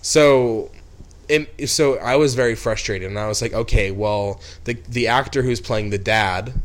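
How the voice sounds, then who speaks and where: A man's voice: mid-range voice, a little slow. A young man who directs films, telling a long story in casual chat, rambling with lots of "like" and restarts and flaring into angry bursts. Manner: rambling, heavy with "like" and restarts, flares into angry outbursts. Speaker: film director.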